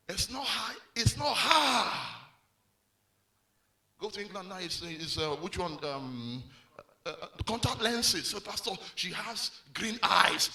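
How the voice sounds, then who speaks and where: A male pastor preaching a sermon, animated and full of call-and-response prompts to the congregation. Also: high voice, gravelly.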